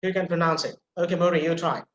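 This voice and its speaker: A man's voice: a little high, fairly even intonation, fast talker, fairly bright tone, muffled recording. A man teaching a pronunciation class, breaking words into sounds syllable by syllable and repeating them for learners to copy. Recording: echoey room.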